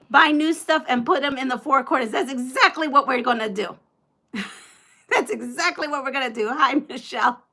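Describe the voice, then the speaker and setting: High bright-voiced woman hosting a livestream. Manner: counts aloud, quick to laugh and exclaim, slips into Spanish. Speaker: livestream host. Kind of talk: casual livestream chat.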